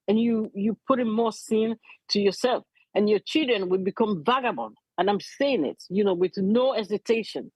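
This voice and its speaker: A woman's voice: mid-range voice, a little mellow, breathy edge, no room sound, low-quality recording. A middle-aged woman, speaking earnestly and emotionally as a community advocate, repeating her key points. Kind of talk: impassioned interview testimony.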